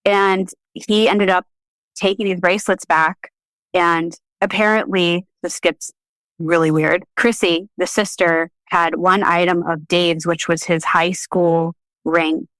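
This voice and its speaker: A woman tells a long personal story as a podcast guest, animated and quick to act out other people's voices. Her voice sits a little low. The sound is dry and close, with no room around it. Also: no echo. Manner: animated storyteller, laughs often, acts out quoted voices. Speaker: podcast guest, shamanic practitioner.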